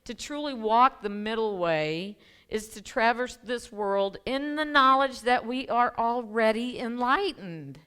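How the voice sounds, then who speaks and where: A woman's voice: fairly high pitch, expressive, a little slow, fairly bright tone, smooth. A middle-aged woman minister giving a casual, conversational sermon in church, with laughing asides and frequent ums and restarts. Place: church sanctuary.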